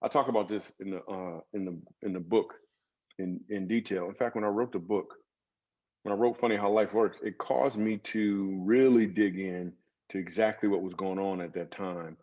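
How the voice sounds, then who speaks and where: Comedian guest, male, low voice, lo-fi dull sound; loose, comic storytelling. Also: steady tone, normal speed. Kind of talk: storytelling interview talk.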